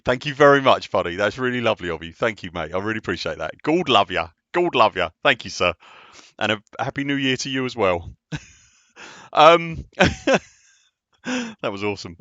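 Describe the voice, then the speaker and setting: Excitable man streaming a game. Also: mid-range voice, dry recording, lo-fi sound. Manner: chatty and excitable, laughs often, self-deprecating. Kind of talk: casual live-stream chat.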